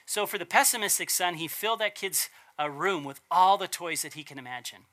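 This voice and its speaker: A man's voice: sits high, brisk, fairly bright tone. A man preaching a casual, conversational sermon, asking rhetorical questions and correcting himself as he goes. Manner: chatty, asks rhetorical questions, self-corrects.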